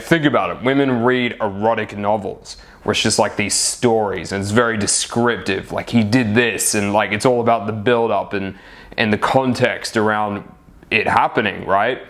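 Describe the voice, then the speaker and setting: A man's voice: fairly low pitch, a bit bright. A man talking as a dating coach in a casual advice monologue, chatty, tagging his points with "right?" and swearing freely.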